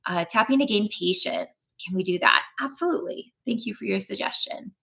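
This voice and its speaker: A woman hosting a live tapping session, gentle and encouraging, greeting chat viewers with frequent ums. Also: medium pitch, a little fast, gravelly, husky, poor audio.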